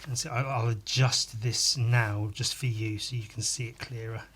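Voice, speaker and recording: A man's voice: medium pitch, fairly even intonation, moderate pace, fairly bright tone, slight background noise. A man casually chatting as he draws live for a podcast, rambling, muttering to himself and tossing in crude jokes. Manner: rambling, crude jokey asides, muttering while working. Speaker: podcast host drawing live. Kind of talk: casual chat while drawing.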